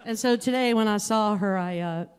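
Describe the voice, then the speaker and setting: A woman's voice: mid-range voice, moderate pace, clean tone, in a large hall, a faint crowd. Laughing woman musician telling a story onstage. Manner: chatty storyteller, laughs often. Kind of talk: onstage banter. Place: live concert stage.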